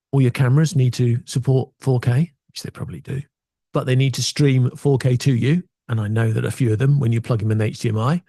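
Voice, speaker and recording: A man's voice: mid-range voice, warm tone, dry recording. A man giving casual, opinionated tech talk from his small home studio, full of wry asides. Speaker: video tech presenter.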